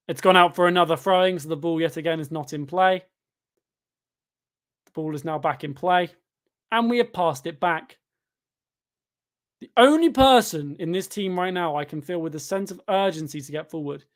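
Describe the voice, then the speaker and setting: A young man hosting a live football watchalong, sarcastic and exasperated, doing mock commentary. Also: a little high. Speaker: fan channel host.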